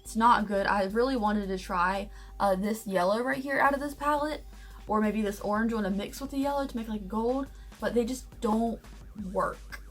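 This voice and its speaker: A woman's voice: medium pitch, moderate pace. Chatty young woman reviewing makeup. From United States. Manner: chatty, candid, enthusiastic. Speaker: beauty vlogger. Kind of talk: casual product review.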